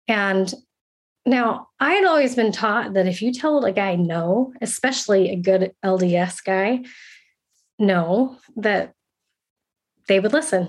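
Earnest woman telling a personal story. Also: mid-range voice. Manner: earnest, reflective, with halting restarts. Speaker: storyteller sharing a personal experience.

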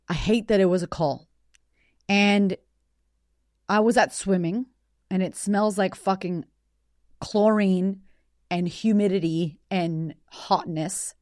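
A woman in her thirties tells a personal story on her own show. She speaks with raw emotion and swears freely, at a middle pitch. The sound is dry and close, with no room around it. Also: a little mellow, dry recording. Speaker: podcast host.

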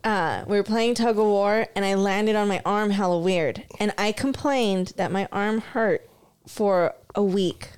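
Smooth-voiced woman in casual chat. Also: medium pitch, a little slow, a little mellow. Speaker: podcast host.

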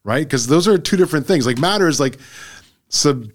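A man's voice: a little high, expressive, a little fast. A man co-hosting a podcast in casual chat, rambling and stumbling over words as he corrects himself. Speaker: podcast co-host.

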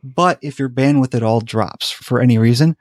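A man with a mid-range voice, chatting in a casual podcast conversation. He tells his stories with animated energy and laughs easily along the way. The sound is dry and close. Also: medium pitch, normal speed, dry recording. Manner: animated storyteller, laughs often. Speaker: podcast host. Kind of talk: casual chat.

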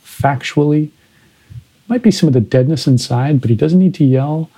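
A man's voice: a little high, moderate pace, warm tone, breathy edge, poor audio. A man hosting a podcast, analyzing films in a conversational way. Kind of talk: casual film discussion.

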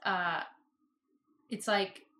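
Chatty woman guest on a podcast, bright crisp voice, lots of likes, echoey room. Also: medium pitch, steady tone, drawn-out words, slight background noise. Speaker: podcast guest, business owner. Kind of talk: casual interview storytelling. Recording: roomy echo.

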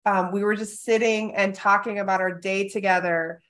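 A woman co-hosting a coaching conversation, animated, acting out small scenes with quoted voices. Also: medium pitch, normal speed. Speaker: co-host coaching a therapist.

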